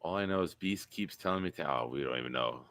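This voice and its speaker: Man, low voice, forceful bright tone, casual sports stream host, animated, dry close sound. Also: fast talker, smooth, dry recording. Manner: animated, hypes picks and reads chat comments aloud.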